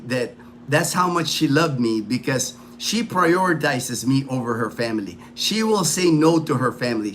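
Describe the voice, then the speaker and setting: Guy rambling on his livestream, lots of you know and man, kinda high voice. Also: fairly bright tone, a little hiss or hum. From United States. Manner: rambling, repeats phrases, many fillers. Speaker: livestream host. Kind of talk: casual livestream chat.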